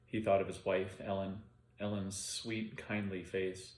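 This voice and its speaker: A man narrating an audiobook in an unhurried, plain reading style. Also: deep voice, little pitch movement, slight background noise. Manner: unhurried plain reading with occasional self-corrections. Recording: roomy echo.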